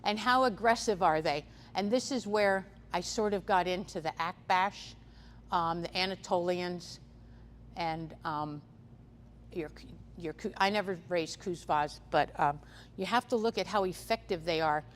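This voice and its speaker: A woman's voice: fairly low pitch, a little slow. A woman giving a conference seminar on livestock guarding dogs, talking casually with many fillers and restarts. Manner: conversational, frequent "um" fillers and restarts. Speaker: seminar speaker on livestock predators. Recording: echoey hall, faint background noise.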